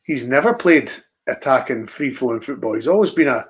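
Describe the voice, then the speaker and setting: A man's voice: mid-range voice, lively intonation, brisk. A man co-hosting a casual football podcast, talking in a rambling, hesitant way with frequent laughs. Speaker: podcast co-host. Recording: dull lo-fi audio.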